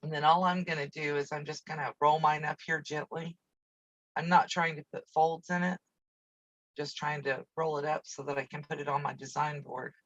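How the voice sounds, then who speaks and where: A woman's voice: low voice, steady tone, normal speed, no room sound, lo-fi sound. A woman hosting a casual live quilting stream from her home sewing room, chatting in a rambling way with easy asides while she works, picked up by a camera on a video-call setup. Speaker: quilting channel host.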